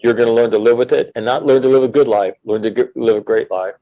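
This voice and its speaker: A man's voice: mid-range voice, fairly even intonation, dark tone, poor audio. A middle-aged man who is a military veteran, talking earnestly and reflectively in a casual podcast conversation. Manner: earnest, reflective, speaks in measured phrases.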